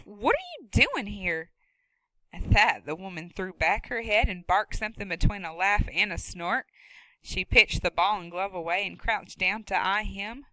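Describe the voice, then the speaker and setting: A woman reading a novel aloud with a steady, expressive delivery and a bright, crisp tone. The recording is dead dry, close to a studio mic. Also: mid-range voice, dry recording, poor audio. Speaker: audiobook narrator. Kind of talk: scripted narration.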